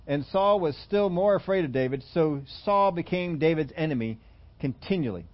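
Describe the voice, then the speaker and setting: A man preaching a sermon, telling a scripture story with animated, acted-out voices for its characters. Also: fairly high pitch, moderate pace. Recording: muffled lo-fi sermon recording.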